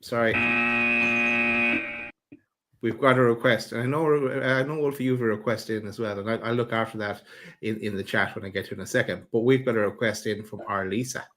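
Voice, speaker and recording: A man's voice: fairly low pitch, steady tone, quick pace, slight background noise. A man hosting a live stream, upbeat and coaxing as he reads out requests. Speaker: host reading chat requests. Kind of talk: livestream hosting.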